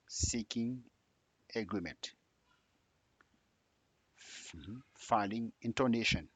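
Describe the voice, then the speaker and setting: Slow man drilling grammar tags. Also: mid-range voice, sing-song, a bit bright, slightly rough, no echo. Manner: drills example sentences with exaggerated rising tags. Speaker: English teacher. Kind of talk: slow spoken grammar lesson.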